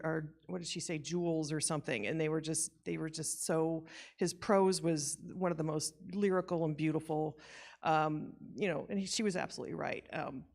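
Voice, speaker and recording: A woman giving a rambling, self-deprecating eulogy at a church memorial, laughing often as she shares memories of her aunt. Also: lowish voice. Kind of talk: informal memorial tribute.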